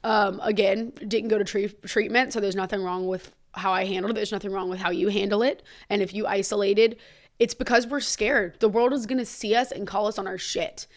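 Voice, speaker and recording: A young woman hosting a solo podcast and talking straight to her listeners. She speaks bluntly and candidly, and she swears freely. Her pitch sits in the middle range for a woman. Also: steady tone, fairly quick. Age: young adult. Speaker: podcast host.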